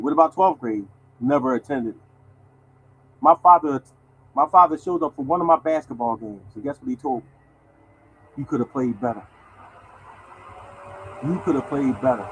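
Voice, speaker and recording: This lottery show host, a man in his sixties, talks to viewers casually and animatedly, cursing bluntly and saying "y'all." His voice sits on the high side, in a rough recording with slight background noise.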